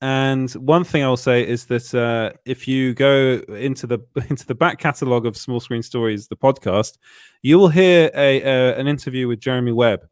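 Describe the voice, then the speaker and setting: Laughing host, dry close sound. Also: male voice, mid-range voice, moderate pace, clear, resonant tone, no echo. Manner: laughing, stumbling restarts. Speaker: show host. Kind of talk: casual livestream chat.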